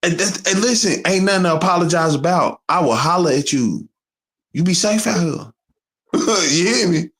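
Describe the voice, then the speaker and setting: Dude teasing and laughing in a loose chat, voice jumps all over. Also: male voice, high voice, normal speed. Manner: animated, laughing, slangy, teasing. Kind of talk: casual banter.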